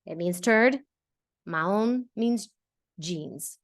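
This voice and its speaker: Brief: female podcast host teaching Spanish, lively, drills pronunciation. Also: mid-range voice. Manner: lively, repeats words slowly to model pronunciation. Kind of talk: casual podcast lesson.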